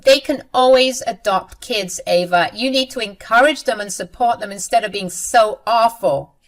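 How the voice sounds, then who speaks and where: A woman's voice: mid-range voice, moderate pace, close to an everyday voice. A woman voicing a stern, disappointed middle-aged mother in a dramatized story. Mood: scolding. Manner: scolding.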